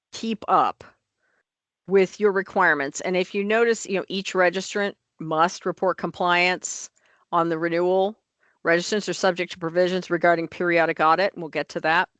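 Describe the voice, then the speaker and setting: Female agency staffer, lower register, dry close sound, emphatic plain explainer at a board meeting. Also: a bit bright, no echo. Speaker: licensing office staff presenting rule changes.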